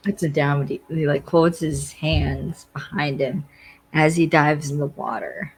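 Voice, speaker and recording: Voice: medium pitch, steady tone, unhurried, creaky, breathy edge, poor audio. A podcast co-host casually retells a TV episode scene by scene, leaning heavily on "like" as a filler. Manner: rambling retelling full of "like" fillers. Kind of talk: casual TV episode recap chat.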